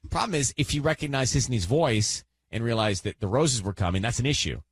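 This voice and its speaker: A man's voice: mid-range voice, husky, no room sound, clean studio sound. A man hosting a radio show, bantering and teasing his co-hosts, often cutting in. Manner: teasing, quick to cut in. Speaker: radio host.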